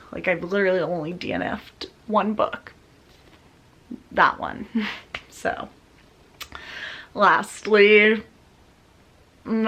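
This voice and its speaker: A young woman chatting casually to the camera about books, full of fillers and animated retellings. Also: mid-range voice. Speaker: book vlogger. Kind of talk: casual vlog chat. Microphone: camera mic, talking close to camera.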